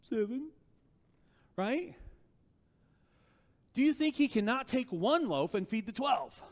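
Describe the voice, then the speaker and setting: Male pastor, sermon, high voice, lively swooping pitch, rhetorical questions, long church reverb. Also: slow. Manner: animated, conversational preaching with frequent "right?" and rhetorical questions.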